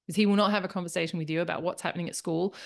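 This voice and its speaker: A woman's voice: fairly low pitch, fairly even intonation, racing, vocal fry. A woman guest on a podcast, explaining her views in a reflective, earnest way. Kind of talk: casual podcast conversation.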